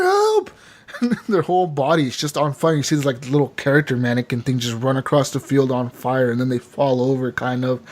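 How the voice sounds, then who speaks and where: A man telling game stories on a casual gaming podcast. He talks with loose, excited energy and swears freely, tossing in "dude" and "man" as he goes. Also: medium pitch. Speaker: podcast co-host.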